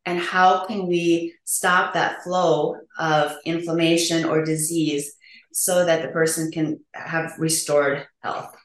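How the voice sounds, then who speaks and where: A woman's voice: low voice, flat delivery, takes it slowly. A middle-aged woman, a nurse practitioner guest, explaining earnestly with frequent ums. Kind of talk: conversational interview. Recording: echoey room.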